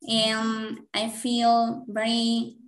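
A woman's voice: on the high side, monotone, extremely slow. Emotional, rambling woman in an echoey room. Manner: emotional, rambling, laughs often. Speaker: podcast co-host. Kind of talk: casual chat.

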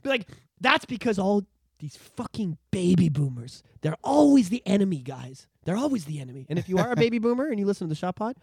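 A man in his thirties co-hosting a casual podcast, ranting with animated, profane energy. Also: high-pitched, fast talker, gravelly, husky, no echo, studio quality. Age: 30s. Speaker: podcast co-host.

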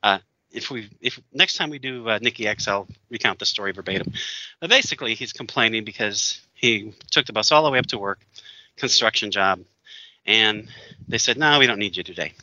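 A man co-hosting a casual chat, telling an anecdote with lively acted-out quotes and frequent laughter. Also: lowish voice, fairly quick, dry recording, lo-fi sound. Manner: animated, acts out quoted voices, laughs often. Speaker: podcast co-host.

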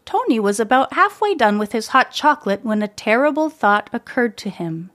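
Woman, storybook narration, gentle measured reading, fairly high voice. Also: very animated. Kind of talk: storybook narration read aloud.

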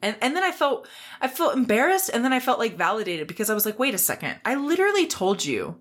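A woman co-hosting a podcast in casual chat, telling an animated story and acting out the quoted lines in a raised voice. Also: a little high, fast talker. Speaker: podcast co-host.

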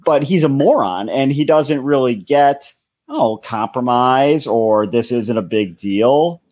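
A man's voice: mid-range voice, animated, takes it slowly, darkish tone. A man co-hosting a comedy podcast, ranting casually in an exasperated way. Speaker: podcast co-host.

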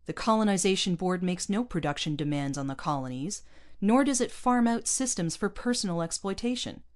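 Woman doing steady colony man, storybook, controlled and terse, lowish voice. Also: a little fast, lightly acted. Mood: tense. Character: steady male colony leader, calm then tight.

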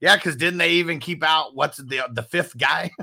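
Bright-voiced man joking through chat comments. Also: fairly high pitch, moderate pace, vocal fry, husky. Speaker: co-host. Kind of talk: casual podcast chat.

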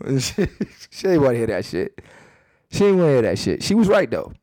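A man of middle pitch tells comic stories on his podcast, profane and animated, hammering lines through repetition. He records in a bedroom at home with a dry, close sound and no room echo. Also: a little fast. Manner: profane, animated, repeats himself for emphasis. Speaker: podcast host. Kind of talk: comedic storytelling monologue.

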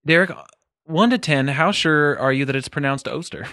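Man, co-host, teasing, rambling, bright tone, dry. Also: on the high side, moderate pace, no echo. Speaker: podcast co-host. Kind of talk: casual chat.

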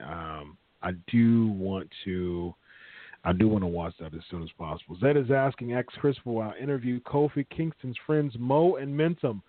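A man's voice: medium pitch, no echo. A man hosting a live stream show, chatting casually and rambling with many fillers as he reads out the chat. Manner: rambling, filler-heavy, repeats himself. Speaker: wrestling talk show host reading live chat. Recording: tinny phone-like, dry sound.

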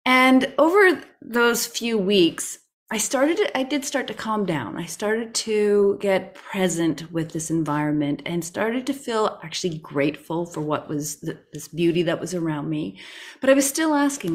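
A woman telling a personal story on a talk show, animated and full of restarts. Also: medium pitch, moderate pace. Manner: animated, with many restarts and excited rises. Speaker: co-host.

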